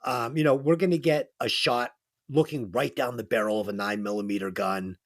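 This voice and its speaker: A man's voice: mid-range voice, fairly even intonation, brisk. A man co-hosting a movie review podcast, chatting casually and enthusiastically, swearing now and then. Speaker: podcast co-host.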